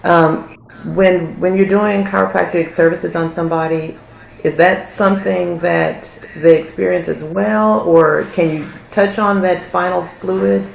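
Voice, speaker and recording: A woman's voice: fairly low pitch, fairly even intonation, measured pace, vocal fry. A woman hosting a livestream interview, asking curious, eager questions and taking questions from the chat. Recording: echoey room.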